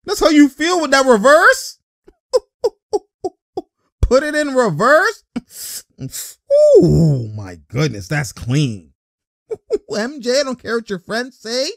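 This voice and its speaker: Laughing, excitable man reacting to highlights. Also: slow pace, gravelly, pauses often, dry recording, studio quality. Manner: excitable, laughs often, heavy slang. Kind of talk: casual reaction commentary.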